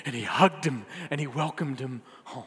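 A man preaching a sermon, telling a story with dramatic swings between loud and hushed delivery. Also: mid-range voice, moderate pace, long reverb tail.

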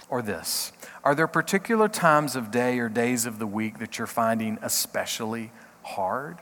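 A middle-aged man, a pastor, giving a short devotional talk in an earnest, halting way, often repeating words. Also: medium pitch, fairly bright tone, big-room sound.

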